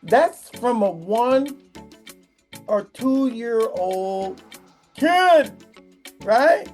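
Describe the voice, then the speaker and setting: A woman's voice: on the high side, expressive, very slow, darkish tone, faint music behind. A woman vlogger delivering a profane comedic rant, swearing constantly and acting out the people she complains about. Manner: crude, swearing, acts out quoted voices.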